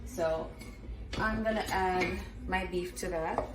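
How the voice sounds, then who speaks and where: A woman's voice: lowish voice, slow, heavy background noise. A woman talking viewers through a recipe in her home kitchen, casual and chatty, with approving hums as she goes. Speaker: home cook and vlogger. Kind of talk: casual cooking demonstration.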